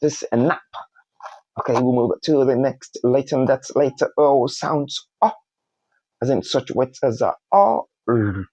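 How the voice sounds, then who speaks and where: Slow, deliberate male phonics teacher. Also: mid-range voice, expressive, a little mellow, no echo, low-quality recording. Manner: slow, spells out letters one by one, repeats words. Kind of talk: spoken phonics lesson.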